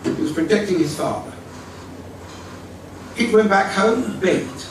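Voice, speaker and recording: A man's voice: high-pitched, measured pace, background noise. An older man giving a storytelling talk at a community evening, acting out the people in his story, recorded from a distance in a large hall. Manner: vivid storytelling with acted-out quotes, lively. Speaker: speaker at a community evening, former school leader. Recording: echoey hall from far off.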